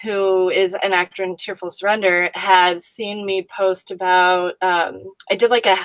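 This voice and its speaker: A woman's voice: lowish voice, flat delivery, unhurried, fairly bright tone, no echo, low-quality recording. A woman being interviewed as an actress guest, chatting casually with frequent laughs and acting out little quotes.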